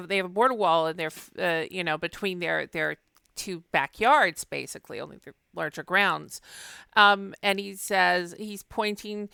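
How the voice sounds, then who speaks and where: Bright, crisp-voiced woman lecturing. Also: medium pitch, no echo, clean studio sound. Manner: chatty, wry, with fillers. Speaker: literature lecturer. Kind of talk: casual recorded lecture.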